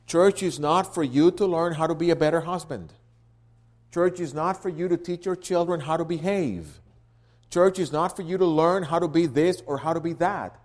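A man preaching a sermon as pastor, explaining like a teacher and building to loud, emphatic stresses. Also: on the high side.

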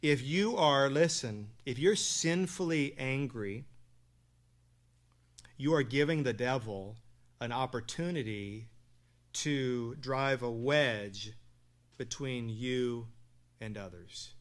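A man preaching a sermon, asking the congregation questions and answering them, with loud stresses and quiet asides. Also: medium pitch. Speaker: pastor.

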